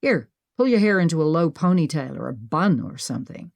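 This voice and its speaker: A woman's voice: low-pitched, big pitch swings, fairly quick, gravelly, a little mellow, no echo, clean studio sound, heavily acted. A woman narrator voicing a bold, pushy young woman who talks insistently. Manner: insistent, bossy.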